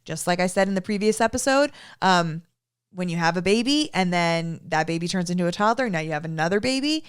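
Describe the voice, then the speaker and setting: A woman's voice: on the low side, lively intonation, fairly quick, smooth. A young adult woman who trains dogs, giving an emphatic instructional talk and checking in often with "okay?". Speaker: dog trainer.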